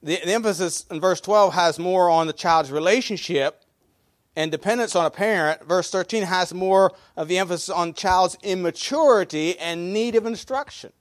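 A man preaching a sermon as pastor, folksy, swinging between loud emphasis and quiet asides. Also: sits high, moderate pace, no echo, clean studio sound.

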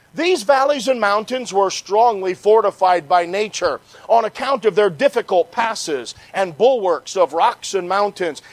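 High-voiced evangelist man preaching history. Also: no room sound. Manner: passionate, peppered with "amen?". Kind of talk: history lecture sermon. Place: church conference.

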